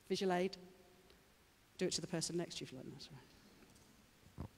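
Speaking at normal speed with a breathy edge to a medium-pitched voice, this preacher chats and jokes with the congregation before building to a fervent, rousing finish. The church hall gives the recording a long, echoing reverb.

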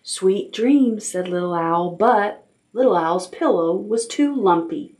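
A woman librarian reading a picture book aloud to toddlers in a gentle, expressive way. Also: on the low side, unhurried. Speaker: children's librarian.

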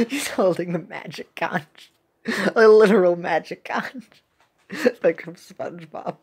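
Young woman, casual game cutscene reader, jokey and giggly, unhurried lower voice. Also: expressive, a little mellow, husky. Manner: giggly, joking asides. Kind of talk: casual commentary with read-aloud voices.

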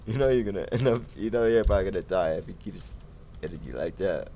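A man's voice: deep voice, fast, highs cut off, slight background noise. A young man giving casual, giggly commentary while livestreaming a game and chatting with viewers. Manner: giggly, easily excited, chatty with chat. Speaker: gaming livestreamer.

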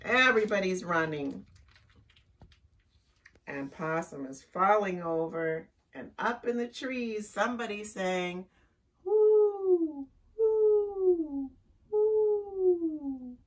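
A woman's voice: on the low side, recorded from a distance. A woman librarian reading a picture book aloud to young children, chatty and asking them questions. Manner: slow, lively and chatty with young listeners.

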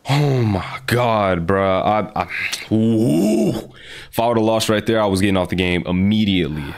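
A young man giving casual, excitable gameplay commentary, joking and trash-talking. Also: fairly low pitch, measured pace. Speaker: gaming video host.

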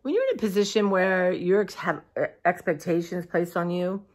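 A tired woman, talking heartfelt and rambling to her followers in a casual vlog, clearing her throat now and then. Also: on the low side, normal speed. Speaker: vlogger. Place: dim room at home.

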